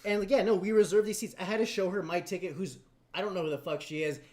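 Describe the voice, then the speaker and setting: High-voiced man chatting casually on a livestream. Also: steady tone, fast, a little mellow. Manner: chatty, full of fillers like "like", swears freely. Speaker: co-host on a livestream. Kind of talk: casual storytelling chat.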